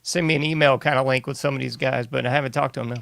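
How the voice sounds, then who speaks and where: Laid-back host guy, kinda sharp bright voice, dry mic, slangy. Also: medium pitch, steady tone, racing, creaky, dry recording. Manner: laid-back, slangy, says man a lot. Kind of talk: casual interview chat.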